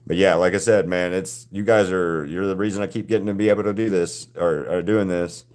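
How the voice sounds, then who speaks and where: A man's voice: deep voice, steady tone, a little mellow, smooth. A man hosting a live drawing stream, chatting casually with viewers and often restarting his sentences. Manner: halting, frequent restarts and repeated words.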